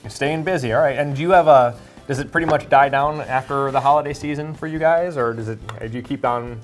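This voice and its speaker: A woman's voice: a bass voice, quick pace. A woman hosting a casual TV interview in a studio kitchen, chatty and inquisitive, with frequent short acknowledgments. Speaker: TV host.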